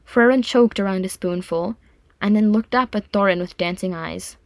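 A woman narrating a fan fiction audiobook with calm, even storytelling. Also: medium pitch, moderate pace, no room sound. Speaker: audiobook reader.

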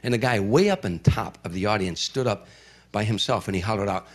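A middle-aged man telling a story in casual conversation, building the drama and dropping into hushed tones. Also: fairly low pitch, animated, a little fast.

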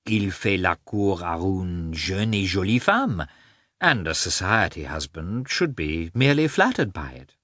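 A man voicing an anxious, excitable aristocratic mother in a storybook reading. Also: deep voice, unhurried, dry recording, studio quality, exaggerated voice. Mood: fretful. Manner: fretful, excitable. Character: anxious aristocratic mother, woman, middle-aged.

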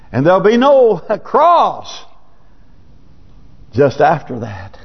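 High, lively preacher in a reverberant hall. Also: male voice, extremely slow, long pauses, slightly rough. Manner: folksy, conversational preaching with sudden rises. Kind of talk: sermon. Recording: dull, lo-fi church recording with long reverb.

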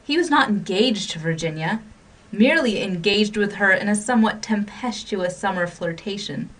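A woman hosting a radio storytelling program, reading a story with expressive narration. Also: mid-range voice, normal speed, recorded from a distance. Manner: expressive, shifting pace and volume with the drama.

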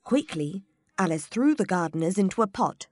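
A woman narrating a children's storybook in an expressive, measured way. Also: on the low side, dry recording, studio quality.

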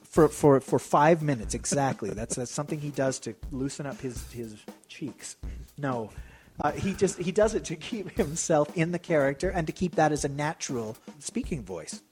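A man's voice: fairly high pitch, lively intonation, moderate pace, a little mellow, faint music behind. Chatty American man co-hosting a podcast. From United States. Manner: chatty, jokey, digressive. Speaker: podcast co-host. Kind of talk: casual chat.

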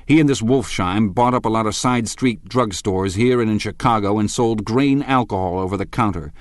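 A man's voice: fairly low pitch, lively intonation, moderate pace, dry recording, lightly acted. A man voicing a domineering wealthy man who speaks in a blustering, accusing way.

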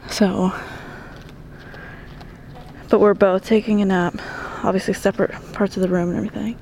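A woman's voice: mid-range voice, level tone, moderate pace, creaky, warm tone, a little hiss or hum. A young woman telling a story in casual chat, profane, often dropping into whispered asides while doing squats.

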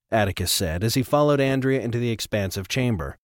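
A man narrating an audiobook with an expressive, dramatic reading. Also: medium pitch, fast talker, no echo, clean studio sound. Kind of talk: scripted narration.

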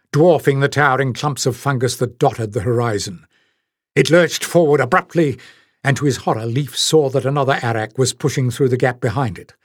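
Guy reading an audiobook, steady and even, dry close mic. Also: mid-range voice, slightly rough, no room sound. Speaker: audiobook narrator. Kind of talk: scripted narration.

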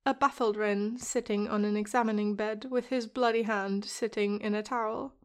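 A woman calmly reading a story aloud in a measured way. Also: medium pitch. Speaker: podfic reader. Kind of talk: storybook narration.

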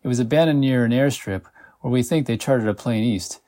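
A man's voice: mid-range voice, a little fast, dark tone, natural voice. A man voicing a blunt, weary middle-aged FBI agent who talks in a matter-of-fact way. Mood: gruff.

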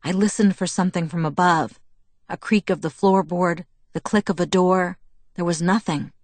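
A woman narrating a novel in the first person, steady and measured. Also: lowish voice, no echo. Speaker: audiobook narrator.

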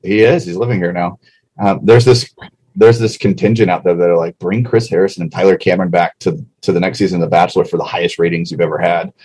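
Husky low-voiced male podcast host. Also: steady tone, a little mellow, poor audio. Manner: chatty, reads plugs quickly. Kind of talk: casual podcast chat.

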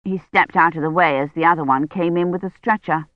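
A woman narrating a novel in a steady, even reading voice. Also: fairly low pitch, a little fast, no echo. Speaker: audiobook narrator. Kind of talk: scripted narration. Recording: dull lo-fi recording.

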